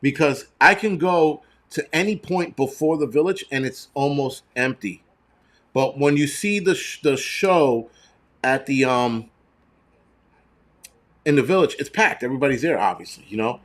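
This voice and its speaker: A man's voice: mid-range voice, lively intonation, measured pace. A middle-aged man hosting a casual livestream, answering viewers in a blunt, profane, rambling way. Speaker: channel host.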